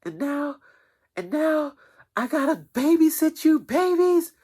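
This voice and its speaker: A man voicing an angry middle-aged female school office worker who yells, exasperated and sassy. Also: very high-pitched, sing-song, takes it slowly, voice pushed up, heavily acted.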